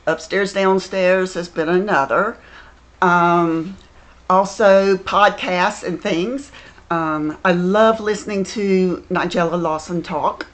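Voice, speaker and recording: Southern lady, kinda low voice, takes her time, lots of ums. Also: takes it slowly. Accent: American Southern. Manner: thoughtful, many ums. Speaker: stage actor. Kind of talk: casual interview chat.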